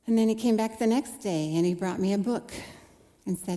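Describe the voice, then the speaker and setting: Speaking a little fast in a mellow, medium-pitched voice, a woman in her forties gives a heartfelt testimony sermon. She dramatizes what she used to think while recounting events, all under a long hall reverb.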